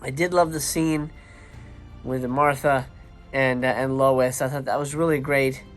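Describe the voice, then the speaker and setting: A man's voice: medium pitch, steady tone, measured pace, soft background music. A man hosting a casual watch-along movie review late at night, enthusiastic and tired, rambling and restarting his sentences.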